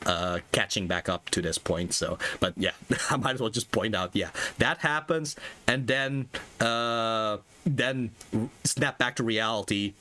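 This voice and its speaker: A man's voice: on the low side, a little slow, sharp tone. A man streaming a text game, reading it aloud and commenting casually, chuckling often and trailing off into fillers.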